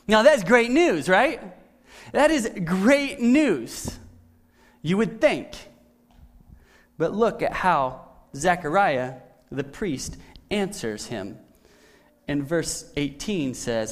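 Conversational higher-voiced male preacher. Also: lively intonation, measured pace, a bit bright. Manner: conversational, asks "right?" often. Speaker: pastor. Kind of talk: sermon.

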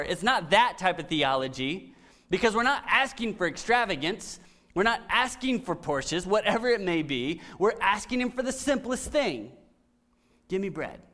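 A middle-aged man preaching a conversational sermon, often dropping to soft, emphatic lines. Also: high voice, lively intonation, measured pace. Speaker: pastor.

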